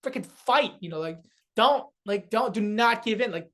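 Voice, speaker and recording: Young korean-born comedian guy, high voice, rambly chat full of likes and you knows. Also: lively intonation, moderate pace, a bit bright. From South Korea. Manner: loose and rambling, many fillers. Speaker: comedian guest. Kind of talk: casual interview chat.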